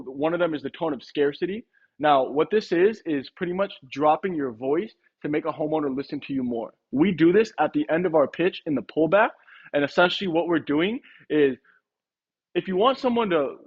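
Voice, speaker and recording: A man with a fairly high, husky voice coaches door-to-door sales reps in a direct, casual way. The recording sounds muffled and lo-fi. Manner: direct, coaching, acts out tone examples. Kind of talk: casual sales training talk.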